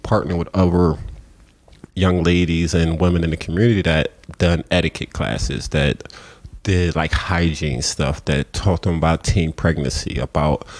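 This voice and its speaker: A man telling a story in conversation and acting out the people in it with big jumps in voice. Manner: animated, acts out quoted voices with big pitch jumps. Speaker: community coach and mentor.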